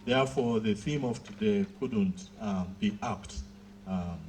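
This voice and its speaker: A man with a fairly low voice delivers a formal ceremonial address at a graduation, unhurried and pausing often between phrases. Faint background noise sits under the speech. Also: darkish tone. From Southern Africa. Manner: measured, pausing often with fillers. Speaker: Jesuit provincial giving a graduation speech.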